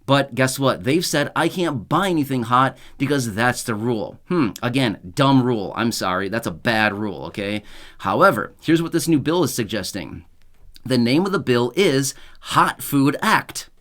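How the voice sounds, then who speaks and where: A man talking straight to his viewers at a mid pitch, chatty and upbeat. He keeps circling back with "right?" and "again", now and then adding a dry, sarcastic aside as he explains the news. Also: lively intonation, normal speed, fairly bright tone. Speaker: YouTube channel host. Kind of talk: casual explainer monologue.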